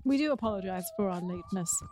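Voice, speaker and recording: A woman's voice: medium pitch, huge pitch swings, quick pace, darkish tone, a little hiss or hum. Playful woman podcast co-host. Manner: playful, reads news items. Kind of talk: casual chat.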